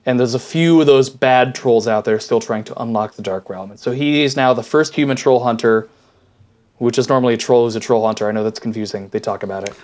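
A man's voice: mid-range voice, fairly quick, darkish tone. A man co-hosting a podcast, chatting casually and enthusiastically, rambling with lots of fillers. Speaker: podcast co-host. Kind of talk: casual chat.

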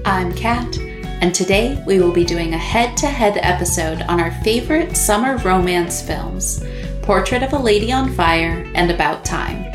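A woman's voice: lowish voice, unhurried, echoey room, over music. A young woman co-hosting a podcast, chatting in an upbeat, encouraging way. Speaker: podcast co-host. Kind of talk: casual chat.

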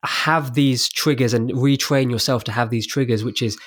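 A man's voice: medium pitch, steady tone, moderate pace, a bit bright, dry recording, studio quality. A man co-hosting a casual podcast, prompting his partner with follow-up questions. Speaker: podcast co-host asking questions. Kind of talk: casual conversational podcast talk.

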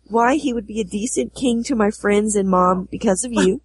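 Woman, hoarse from a cold, husky, podcast co-host. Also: mid-range voice, moderate pace, no room sound. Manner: reads listener messages aloud with laughs. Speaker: podcast co-host reading listener messages. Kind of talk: casual podcast chat.

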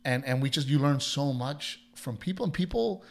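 Animated male comedian telling stories. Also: mid-range voice, moderate pace, vocal fry. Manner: animated storyteller who quotes others in their voices, swears. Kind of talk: casual chat, storytelling.

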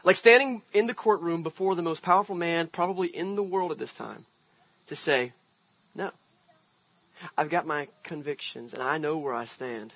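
A man's voice: fairly high pitch, moderate pace, a bit bright, no room sound, low-quality recording. A man preaching an outdoor sermon as pastor, telling a personal story in a conversational way with emphatic swells. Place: outdoor park service.

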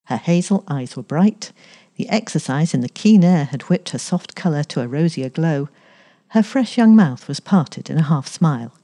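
A woman reading a story aloud in an expressive, measured way. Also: sits low. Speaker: story reader.

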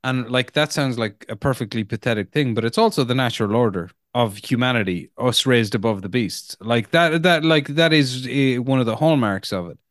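A man co-hosting a film podcast, easygoing and teasing. His voice sits at an ordinary middle pitch. The sound is close and dry, with no room around it. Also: moderate pace, few pauses, fairly bright tone, dry recording. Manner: joking, teasing, laid-back. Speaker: podcast co-host. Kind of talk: casual chat.

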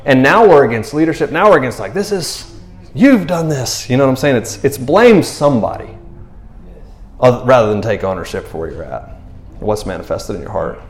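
A man gives a sermon in loose, casual speech, often slipping into the voices of the people in the story. His pitch swings widely as he talks. The sound is roomy, with a clear echo around his voice. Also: brisk, soft background music. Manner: animated, slangy, acts out quotes in character voices. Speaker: pastor.

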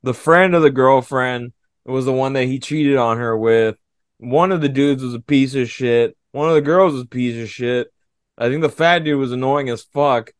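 Male podcast co-host, mid pitch, blunt and crude, close dry sound. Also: normal speed, smooth, no room sound. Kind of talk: casual movie chat.

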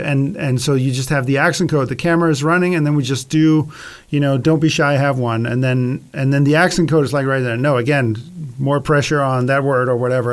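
A man planning a film shoot, thinking aloud as he works through ideas. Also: medium pitch. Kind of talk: casual chat.

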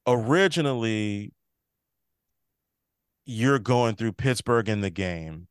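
A man's voice: on the low side, slow pace, clean tone, no echo, clean studio sound. A man co-hosting a podcast, casually recapping a TV episode and acting out characters' lines as he retells the scenes. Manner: loose, rambling delivery. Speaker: podcast co-host.

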